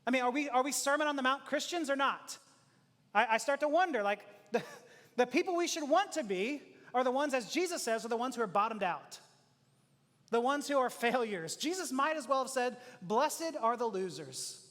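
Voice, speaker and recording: High-voiced man preaching in a reverberant hall. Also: fairly quick. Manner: conversational, animated, laughs often, acts out quoted speech. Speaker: pastor. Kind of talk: sermon. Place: church auditorium.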